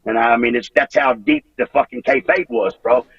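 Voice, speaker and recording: Raspy man, profane rambling storyteller. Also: medium pitch, big pitch swings, normal speed, no room sound, distant mic, dull audio. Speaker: interview guest, former wrestler. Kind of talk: casual storytelling interview.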